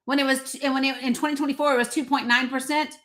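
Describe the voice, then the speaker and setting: A woman's voice: high voice, fairly even intonation, fast talker, a bit bright. A woman with an East Tennessee accent hosting live political commentary, blunt, sarcastic and profane. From Northeast Tennessee. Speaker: live show host.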